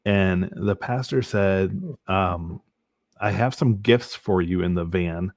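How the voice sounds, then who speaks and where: Deep voiced guy from michigan, earnest faith story, lots of ums, dry close mic. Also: a little mellow, no room sound. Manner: earnest, halting, with frequent ums and restarts. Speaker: podcast guest. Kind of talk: personal faith testimony in an interview.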